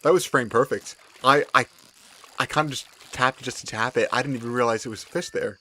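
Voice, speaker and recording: A young man, excitedly commenting on his gameplay, repeating himself and laughing often. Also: mid-range voice, fairly quick, a little hiss or hum. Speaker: streamer.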